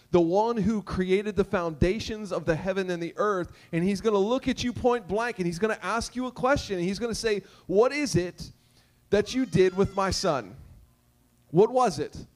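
A man's voice: high-pitched, a little mellow. A man preaching a sermon as pastor, emphatic and repetitive, joking and asking the crowd questions.

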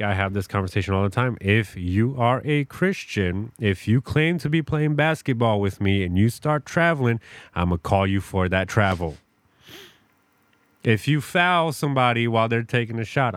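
A man co-hosting a podcast, talking in animated, rambling casual chat full of restarts. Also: medium pitch, dry recording. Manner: animated, rambling sports analogies with many restarts. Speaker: podcast co-host.

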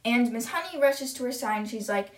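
A woman's voice: on the high side, expressive, brisk. Chatty woman retelling a story. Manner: chatty, uses "like" a lot. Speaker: podcast storyteller. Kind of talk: casual book retelling.

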